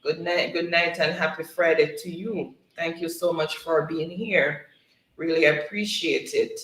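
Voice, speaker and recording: A man's voice: fairly high pitch, fairly even intonation, unhurried, a bit bright. A man hosting a casual livestream, reading viewer comments aloud and laughing often between them. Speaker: livestream host. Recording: roomy, distant from the mic.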